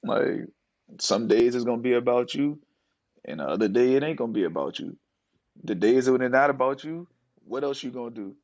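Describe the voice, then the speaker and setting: A former pro basketball player in his thirties is a guest on a podcast, explaining things in a laid-back, casual interview style. His mid-range voice is brisk with a darkish tone, captured in a dry, lo-fi recording.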